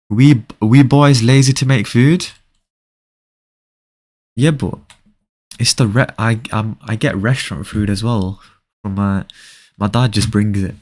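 A man's voice: medium pitch, darkish tone. A young man chatting casually with viewers during a live game stream, often repeating short phrases.

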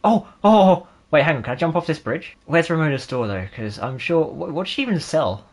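A young man in his twenties hosts a let's-play of a game, with sarcastic and jokey commentary. His voice sits a little high, and he often breaks into laughter between dry remarks. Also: lively intonation, a little fast. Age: 20s. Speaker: gaming channel host.

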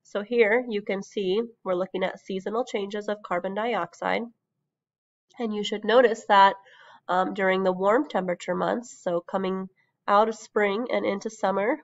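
A woman's voice: medium pitch, no echo, lo-fi sound. A woman teacher with a sick voice, explaining a recorded lesson over slides, with frequent ums.

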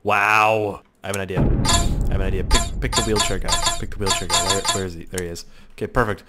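Excitable, swearing young man gaming. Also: lowish voice, fairly quick, very noisy. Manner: loud, excitable, swearing, frequent yelps and shouts. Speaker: gaming YouTuber. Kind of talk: gaming commentary.

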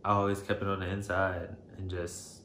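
A man telling a personal story to camera, shaken and emotional, halting and hesitant with many fillers. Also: sits low, monotone, bright, forceful tone. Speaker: vlogger. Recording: roomy echo, faint background noise.

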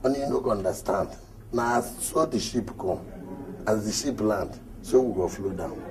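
A man's voice: fairly low pitch, expressive, moderate pace, crowd noise, natural voice, poor audio. A man with a Nigerian Pidgin accent playing a boastful, flirtatious hustler in a comedy film, talking in teasing, swaggering banter. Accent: Nigerian Pidgin English. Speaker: boastful suitor. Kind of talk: Nollywood comedy film acting.

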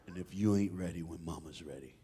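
A man putting on a deep stern father. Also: quick pace, warm tone, a little hiss or hum, natural voice. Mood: low menacing. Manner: gruff commanding. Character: stern bald father, big, deep-voiced, firm.

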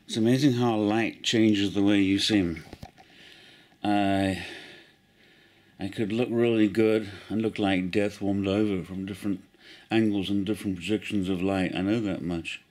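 Unhurried, self-deprecating middle-aged man from South Africa, vlogging on a camera mic. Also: fairly low pitch, fairly even intonation, a little mellow. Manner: meandering, self-mocking, chatty. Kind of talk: rambling casual vlog. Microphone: handheld camera mic.

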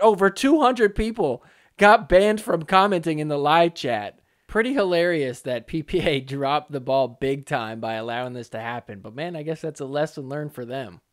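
A man hosting a solo pickleball commentary podcast, talking casually and joking around. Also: a little high. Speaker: podcast host.

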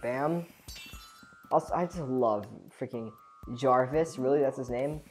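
A woman giving chatty, excitable gameplay commentary as a let's play host. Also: extremely low pitch, measured pace, faint music behind.

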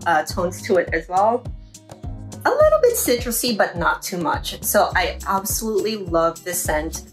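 A woman in her thirties talks through a casual beauty review at a slow, easy pace. She fills her pauses with ums as she goes. Soft music plays quietly in the background. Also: mid-range voice. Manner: chatty, with frequent ums. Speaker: beauty vlogger.

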